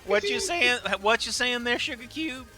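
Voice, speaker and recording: A man's voice: very high voice, expressive, moderate pace, over music, voice pushed up. A man doing folksy Southern Applejack drawl. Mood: teasing. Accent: put-on Southern US. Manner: folksy, teasing, pet names like sugar cube.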